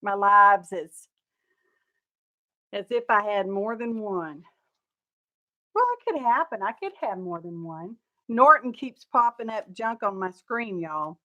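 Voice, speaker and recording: A woman's voice: medium pitch, lively intonation, a little slow, fairly bright tone, muffled recording. A woman hosting a crafting livestream, chatty and folksy, sounding sleepy and tired while she greets viewers by name. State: sleepy, yawning. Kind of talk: casual livestream chat. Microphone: camera mic.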